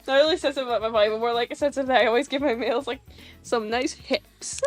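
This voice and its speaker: Giggly high-voiced young woman streamer. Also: fast talker. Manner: rambling, giggly, lots of fillers and restarts. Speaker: animation streamer. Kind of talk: casual livestream chat while drawing. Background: faint music.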